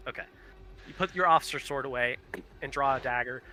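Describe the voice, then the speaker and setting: Bright-voiced male game master. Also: mid-range voice, brisk. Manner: casual, swearing, laughing often. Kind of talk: narrating a tabletop game.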